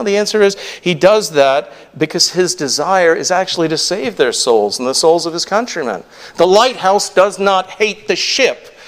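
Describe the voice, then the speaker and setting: A male pastor preaching a sermon in an earnest, emphatic way, full of rhetorical questions. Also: fairly high pitch.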